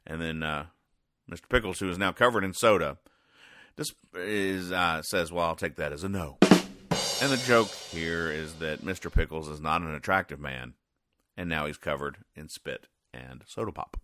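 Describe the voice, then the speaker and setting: Deep-voiced man, deadpan comic recap. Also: moderate pace. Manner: dry, sarcastic explanations. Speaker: podcast host.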